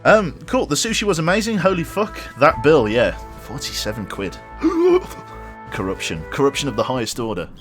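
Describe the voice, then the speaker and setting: A man's voice: mid-range voice, wildly swooping pitch, moderate pace, soft background music. Guy streaming a game, rambly and sweary, voice jumps around a lot. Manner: rambling, swears freely, thanks viewers. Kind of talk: casual live-stream commentary.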